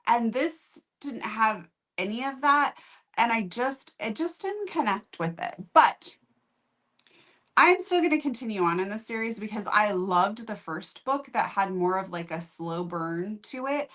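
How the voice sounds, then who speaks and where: A woman's voice: fairly high pitch, lively intonation, unhurried, pushed and bright. A woman hosting a book review show, chatting casually and candidly, with rambling asides. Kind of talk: casual chat.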